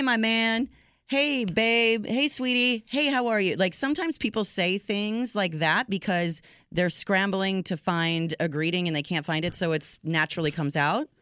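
A woman co-hosting a radio talk show, chatty and playful, quick to laugh. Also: lowish voice, fairly bright tone, smooth, dry recording, clean studio sound. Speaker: co-host. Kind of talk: casual radio chat.

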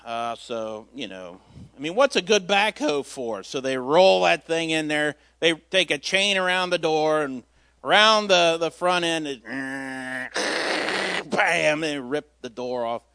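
A man delivers a relaxed sermon as a stand-in preacher, spinning folksy stories with a self-deprecating touch. His voice sits a little high for a man. The sound is close and dry, with no room echo. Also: slow, clean tone. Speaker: lay preacher filling in at church. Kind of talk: informal sermon.

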